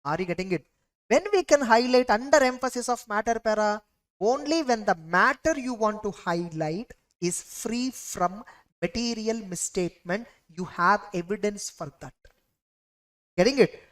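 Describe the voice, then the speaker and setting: A woman's voice: mid-range voice, animated, normal speed. A woman with an Indian English accent giving an exam revision lecture, emphatic and repeatedly quizzing her students with rhetorical questions. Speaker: audit lecturer.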